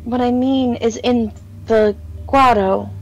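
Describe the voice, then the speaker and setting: A woman's voice: on the high side, steady tone, takes it slowly, darkish tone, highs cut off, faint music behind. A woman playing a tabletop game, speaking in a hesitant, stop-and-start way. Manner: hesitant, restarting. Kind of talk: casual game table chat.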